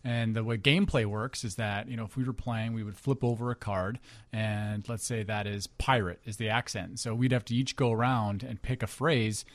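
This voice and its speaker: A man's voice: lowish voice, steady tone, normal speed, no echo. Laid-back founder guy on a talk show, explains stuff simply, dry mic. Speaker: guest, company founder.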